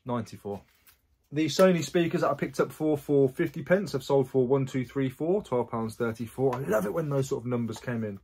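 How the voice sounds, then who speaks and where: A man's voice: mid-range voice, brisk, a little mellow, a little hiss or hum. A man, chatting casually in a rambling vlog about his resale sales and his past. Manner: chatty, rambling, self-correcting asides. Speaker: online reseller.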